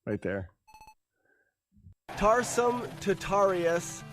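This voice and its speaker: A man's voice: on the high side, very animated, slow pace, soft background music. A man streaming a game and commenting casually, rambling and self-mocking, often laughing and swearing. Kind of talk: casual live gameplay commentary.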